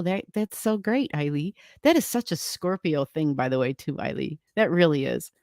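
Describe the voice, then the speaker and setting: A woman with a fairly low, slightly mellow voice speaks at a moderate pace while hosting a casual astrology livestream. She rambles, greets viewers, reads comments, laughs often, and drops light swears. The sound is clean studio audio with no echo.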